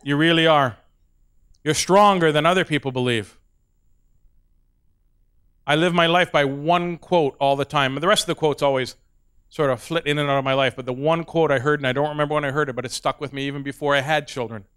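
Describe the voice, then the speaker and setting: A man with a fairly high, smooth voice works through a stand-up comedy set. He is an animated storyteller who keeps chuckling at his own jokes. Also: brisk.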